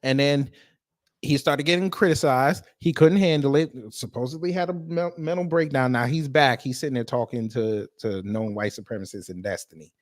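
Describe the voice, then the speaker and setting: A man's voice: medium pitch, moderate pace. A man hosting casual commentary, blunt and mocking, slangy and swearing, talking straight to the audience. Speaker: host.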